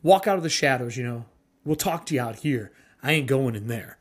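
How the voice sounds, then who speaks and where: A man's voice: medium pitch, lively intonation, a little fast, slightly rough. A man voicing a big, broad-shouldered tough guy who squares up and threatens someone hiding in an alley. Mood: commanding.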